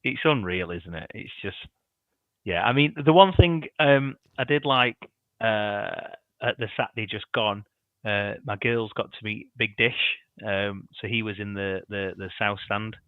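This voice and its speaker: A man co-hosting a football fan chat, telling rambling stories full of ums and acting out what people said. His voice sits fairly low. The recording is slightly dull and lo-fi, and dry, with no room echo. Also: a little slow. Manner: rambling anecdotes with many ums and acted-out quotes. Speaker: podcast co-host.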